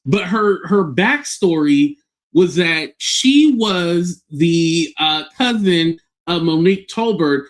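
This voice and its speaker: A male commentary host tells an online story in a relaxed, chatty way, laughing and slipping into the voices of the people he quotes. His voice sits high for a man and swings widely in pitch. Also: slow. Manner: animated, acts out quoted voices, laughs often.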